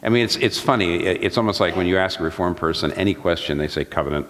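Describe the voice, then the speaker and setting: Low-voiced earnest man on a panel. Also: fast talker, heavy background noise. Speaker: pastor and theologian on a discussion panel. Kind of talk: panel discussion. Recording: long hall reverb.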